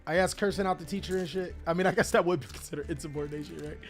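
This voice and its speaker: A young man hosting his channel, telling a story casually to his chat, animated, laughing often and swearing freely. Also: on the high side, racing, faint music behind. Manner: animated, laughing, profane, chatty. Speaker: channel host.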